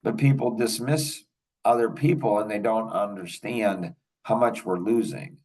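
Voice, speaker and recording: A man's voice: fairly low pitch, unhurried, darkish tone, distant mic, poor audio. An older man hosting a podcast, telling rambling anecdotes in casual chat and chuckling often. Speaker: podcast host.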